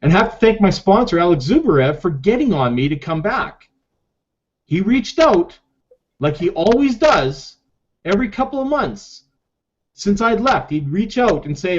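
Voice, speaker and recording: A middle-aged man in a personal vlog, talking emotionally and haltingly about his own comeback, often repeating himself. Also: high-pitched, animated. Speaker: network marketer sharing his story. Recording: dull lo-fi recording.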